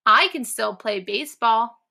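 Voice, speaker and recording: Sad hoarse little frog, croaky, slow; woman reader puts it on, slightly raised pitch. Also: expressive, sharp tone, heavily acted. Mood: cheered up.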